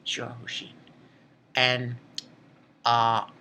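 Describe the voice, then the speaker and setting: A woman's voice: extremely low pitch, completely flat delivery, slow pace, sharp tone, a little hiss or hum. A young woman giving a casual, rambling recap and review of an anime episode, full of restarts and the odd swear.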